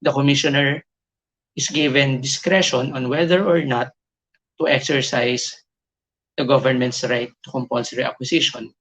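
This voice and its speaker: A man with a Filipino accent giving a live online review lecture, explaining slowly, repeating key points and switching between English and Filipino. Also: mid-range voice, steady tone, fairly bright tone, poor audio. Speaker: tutor for licensure exam review. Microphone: video call.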